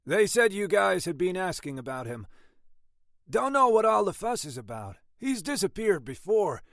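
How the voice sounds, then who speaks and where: A man's voice: sits high, very animated, moderate pace, gravelly, fairly bright tone, dry recording, clean studio sound, voice pushed up, heavily acted. A male narrator voicing a blunt, skeptical husband who shrugs off concerns in an offhand way. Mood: dismissive. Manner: dismissive, offhand.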